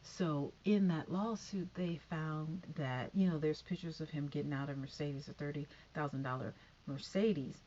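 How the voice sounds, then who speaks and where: A woman's voice: low voice, normal speed, warm tone, lo-fi sound, slight background noise. Rambling woman recapping a TV episode. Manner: rambling, many fillers and tangents.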